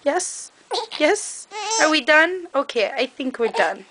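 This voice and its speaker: A mother in a home video croons to her baby in a bright, high voice. She talks slowly and gently, cooing in sing-song baby talk and laughing along the way. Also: lively intonation.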